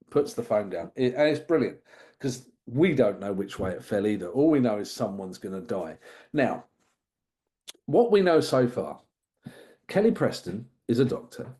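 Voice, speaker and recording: A man's voice: mid-range voice, lively intonation, normal speed, warm tone. A man chatting casually on a podcast, retelling a film with amused, rambling asides. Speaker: podcast co-host. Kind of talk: casual film review chat.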